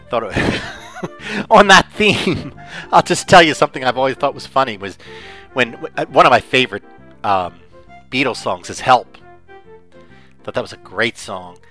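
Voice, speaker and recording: A man's voice: medium pitch, sharp tone. A man hosting a solo podcast, talking in a rambling, digressive way with chuckling asides. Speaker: podcast host.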